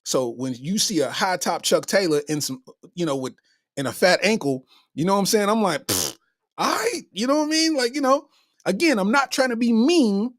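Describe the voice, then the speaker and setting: A comedian host from Kentucky tells a funny story in casual fashion, his high voice fairly quick and jumping all over the place. He's animated, acting out his own reactions. The close mic is dry, with no room sound.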